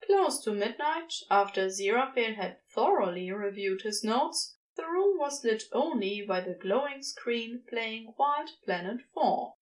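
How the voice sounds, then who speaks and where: A woman reading a story aloud as narrator, with expressive delivery. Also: a little high, unhurried, hardly any pauses, slight background noise, rough recording. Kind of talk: scripted narration.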